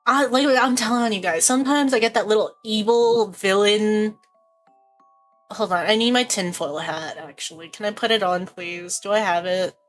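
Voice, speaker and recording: A woman's voice: medium pitch, moderate pace, soft background music. A young woman streaming, chatting casually in a rambling, jokey way and laughing often.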